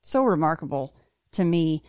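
Low-voiced chatty woman host. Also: sing-song, moderate pace, a little mellow, dry recording, clean studio sound. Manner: chatty, storytelling, many restarts. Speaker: podcast host. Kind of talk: casual interview chat.

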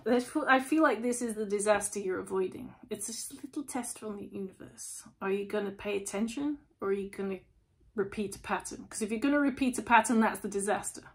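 A woman's voice: mid-range voice, brisk, creaky. A woman chatting through a casual tarot reading, asking lots of rhetorical questions. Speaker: tarot reader.

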